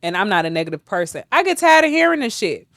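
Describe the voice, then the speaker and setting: A woman speaks as a podcast guest, blunt and fired up, with plenty of profanity. Her voice sits at a middle pitch. The studio sound is dry and close. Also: sing-song, quick pace, fairly bright tone, no echo. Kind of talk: candid interview talk.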